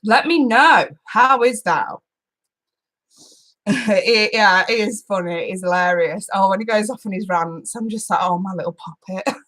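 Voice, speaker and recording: A woman's voice: mid-range voice, a little slow, a bit bright. A young woman hosting a casual live stream, chatting with her viewers and often laughing and swearing. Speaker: tarot channel host.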